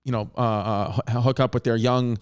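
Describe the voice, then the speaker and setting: A man in his thirties hosting a podcast, telling a story in a rambling, animated way with frequent restarts and swearing. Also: medium pitch, moderate pace, smooth. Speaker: podcast host. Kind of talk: casual storytelling.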